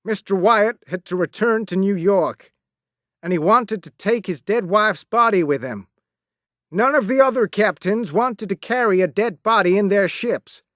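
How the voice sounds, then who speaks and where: A man narrates a storybook in a slow, deliberate reading. His voice sits a touch high and moves a lot in pitch, giving the story lively expression. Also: dry recording, studio quality. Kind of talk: storybook narration read aloud.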